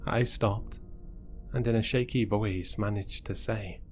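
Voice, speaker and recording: A man reading a horror story aloud in a measured, scripted narration. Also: fairly low pitch, steady tone, faint music behind. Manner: slow, measured storytelling delivery.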